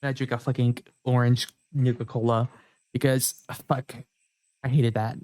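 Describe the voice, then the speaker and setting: A man's voice: medium pitch, little pitch movement, normal speed, a little mellow. A man streaming a video game, reading the text aloud and reacting with emotional, swear-filled commentary. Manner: emotional, sweary, swings from muttering to outbursts. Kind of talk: casual let's-play commentary and reading.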